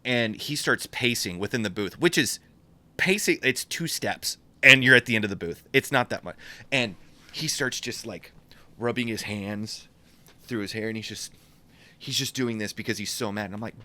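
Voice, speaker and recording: A man co-hosting a podcast, telling animated stories and often laughing as he goes. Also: medium pitch, moderate pace. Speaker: podcast co-host and menswear store buyer. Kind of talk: casual podcast storytelling.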